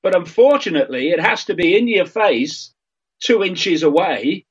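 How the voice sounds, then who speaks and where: An older man speaking as a talk-show guest in an earnest, emphatic monologue, halting with fillers and with a frog in his throat. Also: high voice, big pitch swings, husky, highs cut off.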